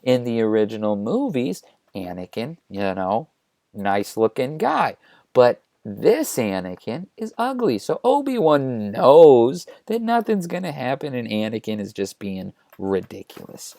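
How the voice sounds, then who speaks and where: A man's voice: mid-range voice, big pitch swings, a little slow, gravelly, dark tone, no room sound, clean studio sound. A man hosting a casual, chatty comic retelling, full of "like"s. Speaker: host. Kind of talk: comedic retelling of a story.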